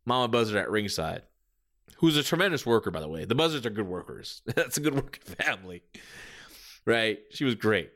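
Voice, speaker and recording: A man's voice: on the low side, a bit bright. Rambling male podcast host. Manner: rambling, many filler phrases and restarts. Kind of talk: casual commentary review.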